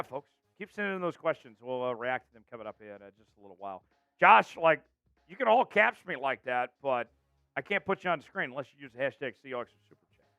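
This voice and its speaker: A man's voice: a little high, vocal fry, no room sound, muffled recording. A man hosting a live sports show, talking energetically and calling out viewers from the chat. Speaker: show host.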